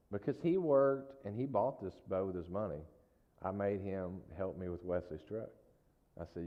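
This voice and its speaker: In a loose, folksy sermon, a low-voiced man tells stories at a moderate pace and keeps checking in with his congregation. The sound is dull and lo-fi, carrying the long reverb of a big hall.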